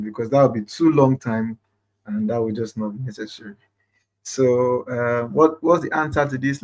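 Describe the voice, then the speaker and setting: Male quiz host, mid-pitch, talkative, repeats questions and cheers viewers on. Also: low-quality recording. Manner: repeats phrases, chatty, encouraging. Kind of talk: live online quiz reading.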